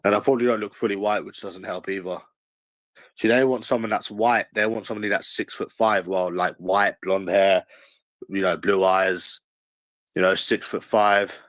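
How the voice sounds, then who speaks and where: On a casual livestream, a London-accented host in his early twenties speaks at a moderate pace in a fairly low, slightly bright voice. The recording is dry and poor in quality, and he argues back at chat in slangy, defensive fashion, going over the same points again and again.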